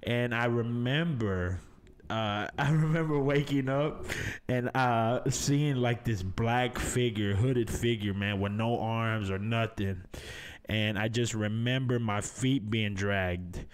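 A man hosting a casual podcast, talking in a laid-back, loose way. He swears freely and keeps calling people baby and man, in a voice of ordinary pitch for a man. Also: slow. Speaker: podcast host. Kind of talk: casual chat.

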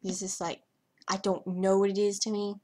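A woman's voice: medium pitch, monotone, moderate pace, warm tone. A young woman vlogger talking over her gameplay in a hyper, rambling way, trailing off and stuttering as she goes. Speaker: gaming vlogger. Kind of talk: casual commentary over gameplay.

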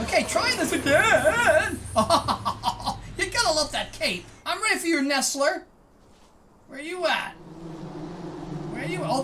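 A woman giving excited, chatty commentary while playing a video game, often exclaiming and laughing. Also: high voice, background noise. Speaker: gaming let's-player.

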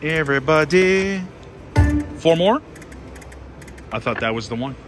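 A man talks through his slot spins in a voice that swoops up and down and sits fairly high. He pleads with the machine and cries out dramatically at each result. Loud slot machine music plays behind him. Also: lively intonation, unhurried. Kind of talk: excited live commentary while playing slots. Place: casino.

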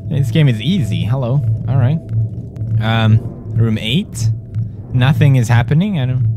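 Excitable swearing man playing a horror game. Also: medium pitch, unhurried. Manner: loud, excitable, swearing, yelping at scares. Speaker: gamer. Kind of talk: gaming commentary. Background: game music.

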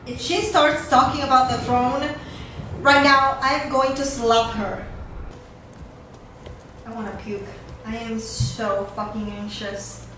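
A woman with a high voice reacts in an anxious, emotional rush, swearing often and slowing down to linger on her words. She sits some way from the mic in a very echoey room, with loud soundtrack music playing behind her. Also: little pitch movement, recorded from a distance, slight background noise. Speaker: YouTube reactor. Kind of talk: live reaction commentary. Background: loud show soundtrack playing.

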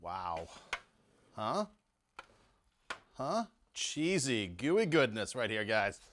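Over background noise, a middle-aged cooking-show host speaks very slowly in a lowish voice with big pitch swings. Demonstrating recipes at home in his kitchen, he relishes each taste enthusiastically, full of "mm" and "wow."

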